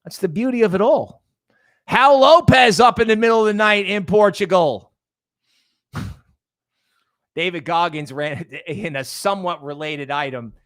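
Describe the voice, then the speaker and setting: A man's voice: high-pitched, measured pace, pauses often, fairly bright tone, dry recording, clean studio sound. A man hosting a casual livestream, rambling and greeting chat members by name. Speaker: livestream host.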